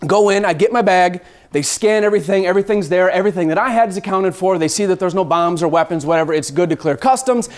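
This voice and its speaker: A man telling a personal travel story, acting out scenes with lively shifts and the occasional swear word. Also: high-pitched, quick pace, few pauses.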